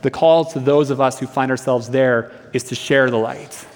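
A man's voice: mid-range voice, fairly even intonation, normal speed. A young man preaching a sermon in a church, telling a personal story in an earnest, conversational way. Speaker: pastor. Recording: long reverb of a hall.

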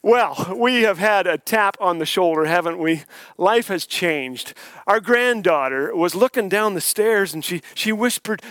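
A man's voice: sits high, lively intonation, moderate pace, fairly bright tone, no echo. An older man preaching a sermon as a guest speaker, telling jokes and folksy stories. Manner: folksy, joking storyteller. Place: church sanctuary.

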